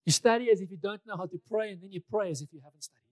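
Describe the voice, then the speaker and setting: A man's voice: high-pitched, racing, a little mellow, dry recording. A male pastor preaching a sermon in a conversational way, repeating key phrases for emphasis, with touches of light humor.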